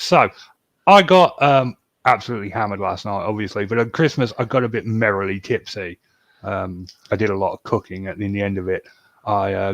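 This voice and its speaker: A man's voice: on the low side, fairly bright tone, dry recording. A man co-hosting a podcast in casual banter, teasing his partner and telling stories. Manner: teasing, storytelling. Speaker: podcast co-host.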